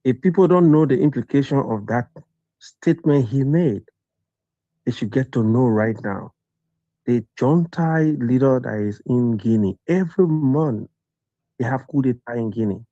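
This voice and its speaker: A male caller comes through a dry, muffled phone line. His voice is mid-pitched and mellow, and he speaks seriously, as if giving a warning. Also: expressive, moderate pace, no room sound.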